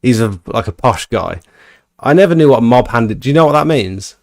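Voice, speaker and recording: With vocal fry and a moderate pace, a man hosting a podcast relates a story in casual conversation. He's animated, acting out quotes with rising pitch, and the audio is clean studio sound with no echo.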